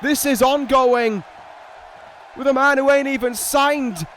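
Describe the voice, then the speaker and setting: Man, high-pitched, video game play-by-play, excitable, sarcastic, casual swearing. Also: takes it slowly, a little hiss or hum. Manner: excitable, swings from dry sarcasm to stunned shouting. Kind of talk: play-by-play commentary over a wrestling video game.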